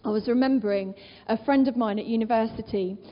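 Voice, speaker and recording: A woman gives an earnest sermon in a high voice, often turning to her listeners with rhetorical questions. Her voice rings out with a long reverb of a large hall. The sound is muffled and dull. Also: a little fast, a little hiss or hum. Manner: earnest, rhetorical questions, quoting scripture aloud. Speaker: preacher.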